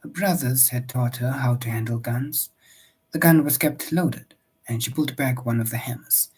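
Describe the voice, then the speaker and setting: A man reading a novel aloud in a steady, measured storybook narration. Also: mid-range voice, slightly rough, rough recording. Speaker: audiobook reader.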